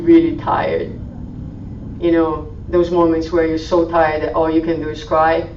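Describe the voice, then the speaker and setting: A woman speaking at a spiritual meeting in a gentle, soothing sermon style, dropping to a hush when she quotes. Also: sits low, slight background noise. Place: meeting hall. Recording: roomy, distant, dull live stream audio.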